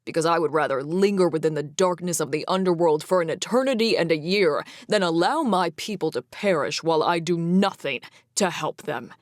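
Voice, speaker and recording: A woman's voice: lowish voice, brisk, no echo, studio quality, close to an everyday voice. A woman voicing a proud male Fae king who spits out furious, formal accusations in an audiobook fantasy reading. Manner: spitting, fierce.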